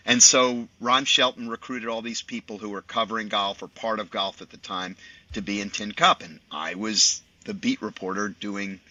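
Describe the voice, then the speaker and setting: A man in his sixties, a sportscaster guest telling anecdotes on a podcast with lively asides. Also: fairly low pitch, dry recording. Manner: animated raconteur, chatty with many asides. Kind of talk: podcast storytelling. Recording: dull dry lo-fi audio.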